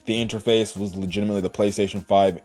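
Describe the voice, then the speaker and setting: A man casually recapping an anime episode in a rambling way, full of fillers and quick acted-out quotes. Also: lowish voice, flat delivery, darkish tone. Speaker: anime reviewer. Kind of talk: casual spoken episode review.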